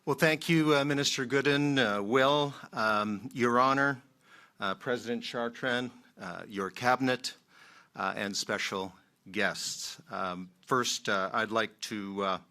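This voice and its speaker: A man from Manitoba, a member of Parliament, giving a formal ceremonial speech in a measured, emphatic way with many pauses. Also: medium pitch, pushed and bright. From Manitoba, Canada.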